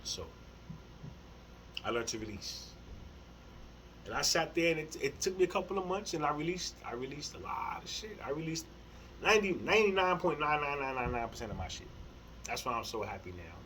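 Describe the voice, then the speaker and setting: A middle-aged man in a casual spiritual monologue to camera, rambling and repeating words, with heavy slang and swearing, earnest, with soft laughs between thoughts. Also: fairly high pitch, expressive, fairly quick, pauses often, a little hiss or hum, rough recording. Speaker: spiritual vlogger.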